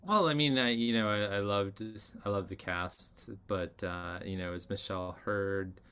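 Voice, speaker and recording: Deep-voiced guy cohosting a podcast, smooth and bright, lots of ums. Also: moderate pace. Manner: agreeable, many fillers and restarts. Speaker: podcast co-host. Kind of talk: casual chat.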